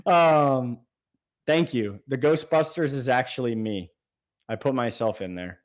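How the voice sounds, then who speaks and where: A man's voice: mid-range voice, unhurried. A man hosting a casual live stream, reading out viewer comments and answering them enthusiastically off the cuff. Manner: enthusiastic, talks off the cuff with fillers and restarts. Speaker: aquarium channel host.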